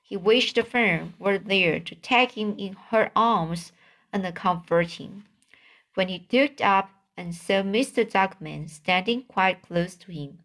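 A woman reading a children's novel aloud as an audiobook, careful and deliberate, now and then tripping and restarting a word. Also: mid-range voice, a bit bright. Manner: slow, careful reading with occasional slips and restarts. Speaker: audiobook reader. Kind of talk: storybook narration.

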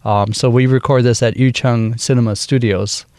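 A man's voice: mid-range voice, moderate pace, no room sound, clean studio sound. Chatty Midwestern American man. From Wisconsin, USA. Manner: relaxed, chatty, laughs easily, many fillers. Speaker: bandleader and woodwind player, guest. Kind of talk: casual radio interview.

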